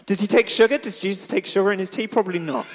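Frantic fussing hostess, played by a man, high and flustered, hall reverb. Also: slight background noise. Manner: shrill panicky rapid-fire questions. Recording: echoey hall.

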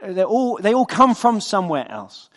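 High and sing-song, with a bit of brightness and a moderate pace, a man's voice fills a big room as he preaches. He speaks conversationally, questioning the congregation and acting out the voices within his stories.

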